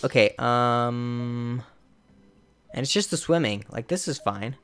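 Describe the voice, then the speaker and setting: Slow-talking man grumbling through gameplay. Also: medium pitch, fairly bright tone, soft background music. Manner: grumbling, exasperated, mild minced oaths. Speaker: let's play host. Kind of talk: casual gameplay commentary.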